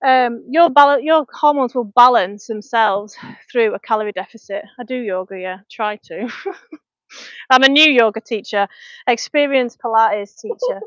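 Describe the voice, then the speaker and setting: Lancashire woman in her thirties, fitness coach live-streaming from home, slightly high voice, frank and chatty between reps, dry dull lo-fi sound. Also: moderate pace, fairly bright tone, dry recording. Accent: Lancashire English. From North West England. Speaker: fitness coach and personal trainer. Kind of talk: live-stream chat while working out. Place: home, indoors. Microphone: small clip-on mic.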